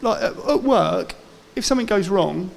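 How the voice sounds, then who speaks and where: A man's voice: high-pitched, expressive, normal speed, creaky. A man chatting as a guest on a live podcast, telling stories and acting out what other people said. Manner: chatty storyteller, acts out others' lines. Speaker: podcast guest, former baking contestant. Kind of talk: live podcast interview chat. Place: live venue before an audience.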